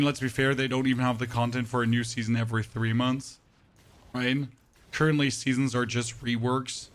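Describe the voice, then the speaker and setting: A man's voice: mid-range voice, a bit bright. A man giving casual, opinionated commentary on a game, blunt and candid, often restarting his sentences. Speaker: gaming streamer.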